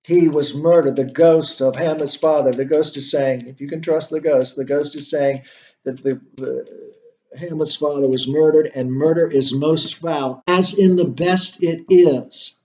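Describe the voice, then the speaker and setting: Guy teaching a lit class, slightly high voice, lots of uhs, keeps asking questions out loud. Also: fairly even intonation, moderate pace. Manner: hesitant, thinks aloud with many fillers and rhetorical questions. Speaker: instructor. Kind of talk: literature lecture.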